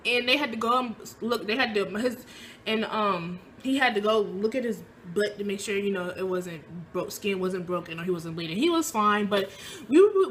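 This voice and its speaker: A young woman tells a personal story in a relaxed, chatty way. Her voice sits a little high, and she acts out the quoted lines with a lift in pitch and volume. A faint room hum sits under her voice. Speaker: vlogger. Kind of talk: casual storytelling.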